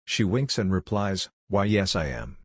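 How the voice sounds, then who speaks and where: Deep-voiced man telling jokes deadpan. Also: measured pace, breathy edge, no room sound, studio quality. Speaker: joke narrator. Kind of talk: reading jokes aloud.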